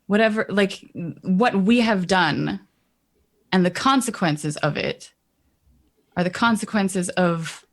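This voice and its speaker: Woman voicing a blunt noblewoman, slow and plain. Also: mid-range voice. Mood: hurt. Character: blunt young woman confronting her king.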